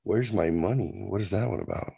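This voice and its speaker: A man's voice: low voice, brisk, vocal fry, dark tone, breathy edge, no echo, clean studio sound. A man co-hosting a casual chat, playful and encouraging, prodding the others with teasing questions.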